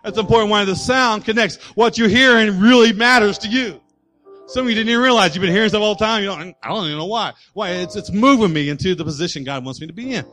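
A man's voice: sits high, fast talker, fairly bright tone, soft background music. A man preaching a sermon as pastor, with rising and falling emphasis and acted-out voices.

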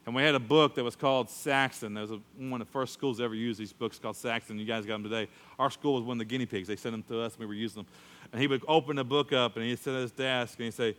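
A middle-aged man preaching a sermon, telling a story and acting out the voices in it with lively storytelling. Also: medium pitch, quick pace. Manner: animated storytelling, acts out voices. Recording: long hall reverb.

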